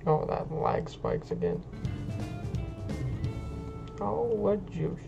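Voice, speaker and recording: A young man hosting casual gameplay chat, excitable and teasing. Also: a little high, very slow, gravelly, highs cut off, over music. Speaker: gaming channel host.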